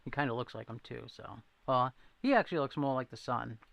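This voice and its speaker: A man hosts a casual livestream, reading viewer comments and telling rambling stories with frequent laughter, and says he needs his glasses to read the chat. His medium-pitched voice is creaky and a bit bright, moving a little fast. The recording is dry.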